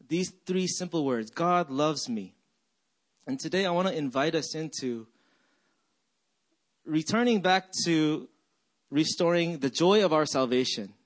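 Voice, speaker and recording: A man preaching a sermon, leading his congregation in a group exercise and then praying softly. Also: fairly high pitch. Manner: leads the congregation in call-and-response, then prays softly. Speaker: pastor. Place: church hall.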